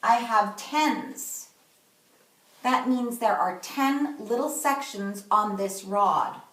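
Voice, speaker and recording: Brief: woman kindergarten teacher, fairly high voice, careful instructive delivery, recorded a bit off-mic. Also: a bit bright, far from the mic. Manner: slow, clear, instructive delivery. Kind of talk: remote classroom lesson. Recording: echoey room, voice from off-mic.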